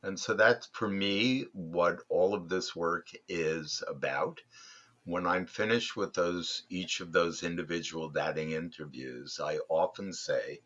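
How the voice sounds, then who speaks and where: Male guest, very low husky voice, measured storyteller, dull lo-fi sound. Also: a bit bright. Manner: thoughtful, unhurried, frequent ums and restarts. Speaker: podcast guest, fatherhood workshop leader. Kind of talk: reflective interview storytelling.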